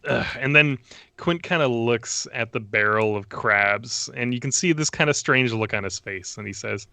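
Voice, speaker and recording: A man's voice: mid-range voice, moderate pace, vocal fry, sharp tone, no echo. A man playing a tabletop game, easygoing as he narrates his character's actions. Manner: easygoing, describes actions with frequent fillers. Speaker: player.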